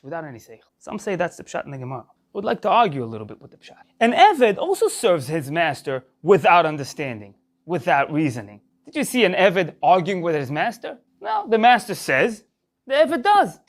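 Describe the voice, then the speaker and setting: Animated rabbi teaching, lively pitch. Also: male voice. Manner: mixes Hebrew and Yiddish terms into English; animated, rhetorical questions. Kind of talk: Torah lesson.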